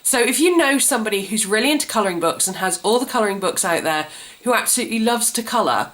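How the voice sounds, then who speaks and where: A woman vlogging a gift guide in a chatty, enthusiastic way, her voice congested and a little gruff from a cold. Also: medium pitch, animated, fast, a bit bright. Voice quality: slightly gruff. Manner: chatty, enthusiastic, self-described colouring book nerd. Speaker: craft vlogger. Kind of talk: casual gift guide chat.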